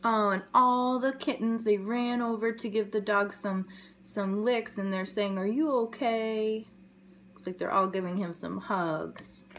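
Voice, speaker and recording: A woman educator reads a picture book aloud to young children at an unhurried pace. She tells the story gently and expressively and puts in playful sound effects. A faint hum sits behind her voice. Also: mid-range voice.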